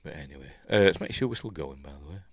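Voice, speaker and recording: A man's voice: rumbling low, lively intonation, fast talker, no room sound. A middle-aged man with a Yorkshire accent, chatting his way through a film in a loose, rambling commentary full of ums and uhs, now and then mimicking the characters. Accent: Yorkshire English. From Yorkshire, England. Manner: mimics quoted characters playfully. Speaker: film review host. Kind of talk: casual film watch-along commentary.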